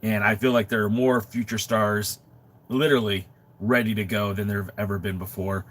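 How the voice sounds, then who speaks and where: A middle-aged man from Southern California talks in a fairly low voice, sounding under the weather with a sore throat and runny nose. He chats casually on a live stream through a webcam mic in a makeshift home studio, often restarting and reflecting as he goes. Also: fairly quick, a little hiss or hum. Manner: conversational, with frequent restarts and reflective asides. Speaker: wrestling podcast co-host.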